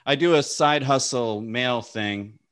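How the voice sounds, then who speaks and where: A man performing improvised comedy with playful, rambling, deadpan asides. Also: medium pitch, slow pace.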